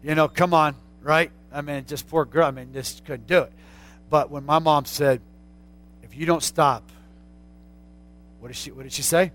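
A middle-aged male pastor preaching a sermon, calling out to the congregation and rising to shouts. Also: a little high, fairly even intonation, moderate pace, pauses often.

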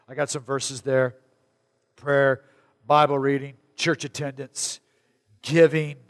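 A middle-aged man from Arizona preaching a sermon. He speaks in a conversational, animated way and often breaks into sudden loud, high bursts. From Arizona, USA. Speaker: pastor. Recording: long reverb of a large hall.

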